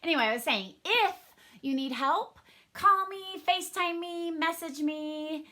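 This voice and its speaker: A woman's voice: very high voice, unhurried, pushed and bright. A woman teaching a first grade reading lesson for a home recording, upbeat and encouraging in a sing-song teacher manner.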